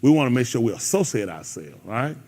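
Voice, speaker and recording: A man's voice: mid-range voice, sing-song, brisk, a little mellow. A man leading a congregation's Bible class, bantering and laughing with them between scripture readings. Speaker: teacher leading a Bible study. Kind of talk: casual joking Bible class.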